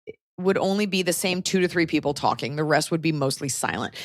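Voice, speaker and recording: Playful American woman podcast host, slightly low voice, dry studio sound. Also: expressive, fairly quick, no room sound. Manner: playful, teasing, jokey. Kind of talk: casual chat, reading a listener letter.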